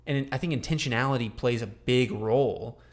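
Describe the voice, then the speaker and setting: This young male podcast co-host rambles through a casual chat, full of fillers and restarts. His voice is medium in pitch and his pace is brisk.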